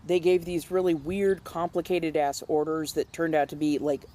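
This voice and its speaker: A woman's voice: low-pitched, normal speed. A young woman chatting casually with followers while doing her makeup, telling stories in a blunt, profane way and acting out the people she talks about. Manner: animated, acts out other people in quoted voices.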